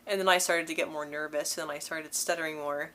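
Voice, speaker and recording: A young woman talks straight to her viewers in a casual, candid way. Her stutter shows as repeated syllables and blocked words. Her voice sits a little low for a woman. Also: fairly even intonation, fast, sharp tone, a little hiss or hum. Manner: candid, laughs between phrases. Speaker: vlogger. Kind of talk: casual storytelling to camera.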